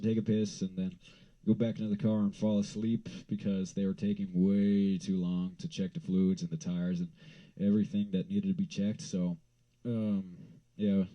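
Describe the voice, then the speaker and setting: A man's voice: low-pitched, muffled recording. A man from Wyoming rambling through a story in a laid-back, swearing way, full of fillers. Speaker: vlogger.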